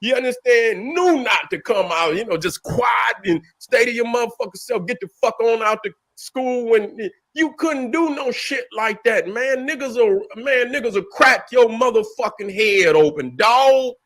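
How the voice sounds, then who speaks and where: A man's voice: very high-pitched, expressive, moderate pace, few pauses, fairly bright tone. A middle-aged man giving a profane, repetitive, preachy commentary rant as host. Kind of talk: ranting commentary.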